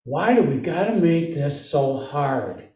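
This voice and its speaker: Slow-talking Midwestern man preaching in a church. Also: on the high side, very animated, dark tone. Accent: Midwestern American. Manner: conversational, questioning, with asides. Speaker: lay preacher. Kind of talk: sermon. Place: church sanctuary. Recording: echoey church room, mic at a distance.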